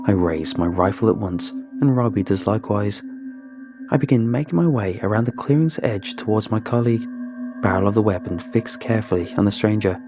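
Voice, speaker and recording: A man giving a measured, grim first-person narration of a horror story. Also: on the low side, fairly even intonation. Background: background music.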